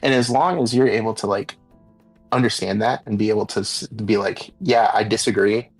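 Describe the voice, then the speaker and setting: A man speaking as a podcast guest, earnest and halting, with lots of fillers. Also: lowish voice, vocal fry, faint music behind, low-quality recording. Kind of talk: casual podcast chat.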